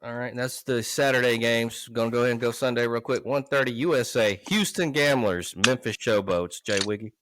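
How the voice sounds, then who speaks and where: A man's voice: medium pitch, a little fast, few pauses, fairly bright tone. A man hosting a casual podcast with loose, profane, laughing banter. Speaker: podcast host. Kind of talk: casual comedic podcast chat.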